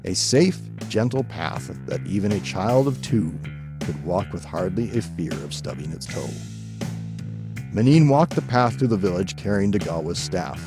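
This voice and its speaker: A man reading a folk tale aloud as scripted narration, calm and measured. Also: sits low, over music. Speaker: storyteller.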